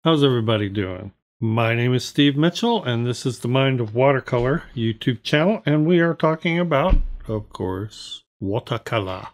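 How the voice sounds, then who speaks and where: A man's voice: mid-range voice, expressive, normal speed, few pauses. An American man hosting his watercolor channel, reviewing paints to camera in a folksy, chatty way and talking straight to his viewers. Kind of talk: casual product review to camera.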